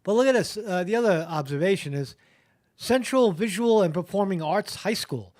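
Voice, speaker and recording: A man hosting a live stream, reading headlines and commenting in a halting, blunt way, full of fillers and swearing. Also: sits high, expressive, darkish tone, no room sound, studio quality. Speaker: live show host.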